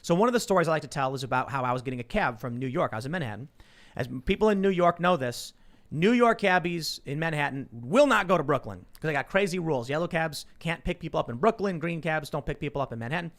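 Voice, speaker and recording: A quick-talking man with a slightly high voice hosts a casual podcast chat. He tells stories with energy and acts out the people in them. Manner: animated storyteller acting out quoted people. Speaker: podcast host.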